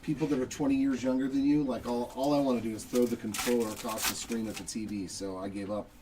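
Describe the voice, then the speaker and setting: A man's voice: mid-range voice, fairly even intonation, fast, distant mic. A middle-aged man hosting a live card break, casually joking and calling out each card as he pulls it. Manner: joking, chatty, reads out cards as he pulls them. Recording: voice somewhat off-mic with faint background noise.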